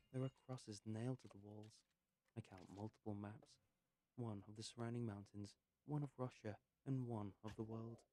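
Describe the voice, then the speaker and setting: A man reads a story aloud in a low, mellow voice, unhurried and pausing between phrases. Between passages he mutters quick asides to himself. A faint hiss sits under the recording. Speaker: narrator. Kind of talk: reading a story aloud while playing a game.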